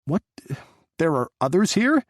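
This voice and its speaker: A man's voice: fairly high pitch, very animated, measured pace, no room sound, clean studio sound, pitched above the performer's own voice. A man voicing a charming, playful young American president with a teasing, easygoing manner. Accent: put-on cowboy twang.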